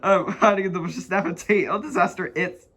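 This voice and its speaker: A man's voice: high-pitched, steady tone, a little fast, a bit bright. A man doing a jittery tiny panicking storybook man. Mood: panicked. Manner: shrieking, stammering panic. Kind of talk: storybook read-aloud.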